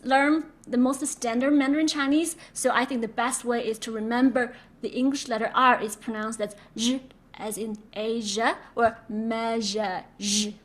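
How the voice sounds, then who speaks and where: A woman teaching Mandarin pronunciation in an online lesson, patiently demonstrating sounds and repeating words for students to copy. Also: on the high side. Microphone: own microphone.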